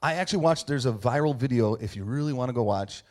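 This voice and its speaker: Male preacher, mid-pitched voice, informal, jokey sermon delivery. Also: lively intonation, fast talker. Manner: conversational, joking, with frequent fillers and laughs. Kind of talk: casual sermon reading and commenting on scripture.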